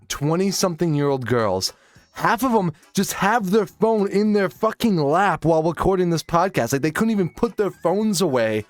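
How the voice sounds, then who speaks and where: A high-pitched young man riffs through comedic reaction commentary. He rants with sarcastic exasperation and swears freely, with faint music underneath. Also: no room sound. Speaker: commentary YouTuber.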